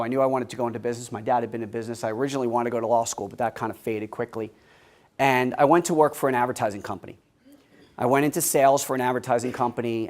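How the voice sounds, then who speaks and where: A man in his forties speaks to a college audience as a guest speaker. He tells stories in a loose, animated way, and his voice sits at an ordinary middle pitch. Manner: casual storytelling, animated.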